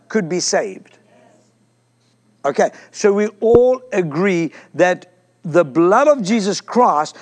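A man with a high voice preaches a sermon in an emphatic, insistent way. He repeats phrases for weight and keeps putting questions to the congregation. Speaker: pastor.

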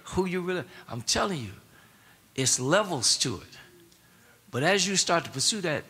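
A man's voice: fairly high pitch, animated, normal speed, pushed and bright, slightly rough. A man preaching a sermon in a casual, colloquial way, repeating his words and prompting the congregation to answer back. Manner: repetitive, call-and-response prompts to the congregation.

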